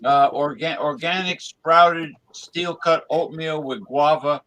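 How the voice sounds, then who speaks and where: A man chatting casually on a group call, halting often with fillers as he talks. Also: on the high side, pushed and bright, muffled recording. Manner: hesitant, halting with many fillers. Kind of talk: casual chat.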